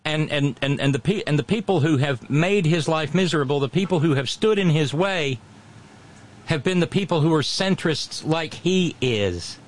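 Southern-accented radio host, man, fairly high voice, lively swings in pitch, salty and restless. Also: moderate pace. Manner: profane, animated, repeats words when starting. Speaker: radio talk show host. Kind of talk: political talk radio.

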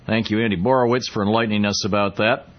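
This lower-pitched man talks fast in a steady tone, and the sound is lo-fi. He hosts a radio talk show, chatting casually and wryly while rambling through plenty of fillers and asides.

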